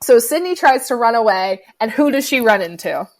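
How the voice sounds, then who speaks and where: A woman's voice: a little high, moderate pace. A woman co-hosting a podcast, recapping a film in casual chat and acting out the quotes as she goes. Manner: animated storytelling, acts out quotes. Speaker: podcast co-host.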